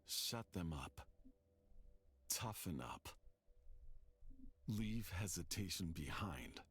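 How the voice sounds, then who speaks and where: Woman doing a very deep gruff game villain, slow, husky, clipped orders. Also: expressive, exaggerated voice. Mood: commanding.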